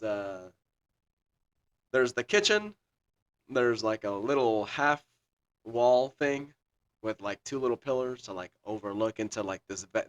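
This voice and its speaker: A man's voice: medium pitch, a bit bright. A young man co-hosting a podcast, chatting casually and telling a long rambling story full of swearing. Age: young adult. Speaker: podcast co-host. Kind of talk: casual chat.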